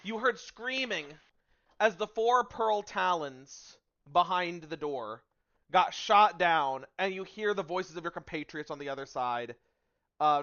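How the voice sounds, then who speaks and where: A man's voice: fairly high pitch, a bit bright. Man narrating as game master, lo-fi. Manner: loose descriptive narration with fillers. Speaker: dungeon master.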